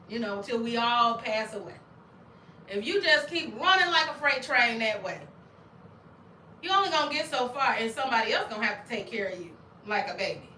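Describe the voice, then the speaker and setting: A middle-aged woman from Arkansas, hosting a casual chat, animated and laughing often with loud exclamations. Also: high-pitched, a little hiss or hum. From Arkansas, USA. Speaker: channel host. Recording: roomy sound, distant from mic.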